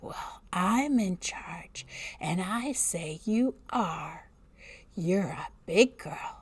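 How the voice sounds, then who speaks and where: A woman voicing a bossy, cruel teenage babysitter who speaks in a slow, hushed, threatening whisper. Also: on the low side, animated, breathy edge, exaggerated voice. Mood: menacing.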